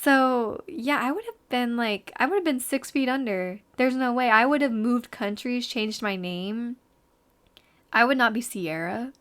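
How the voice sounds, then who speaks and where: Woman, twenties, podcast host, lively casual chatter, higher-pitched, slightly sore throat. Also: measured pace, clear, resonant tone. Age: 20s. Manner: chatty and animated, heavy use of "like" and "y'all". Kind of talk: casual podcast chat reacting to a reader story.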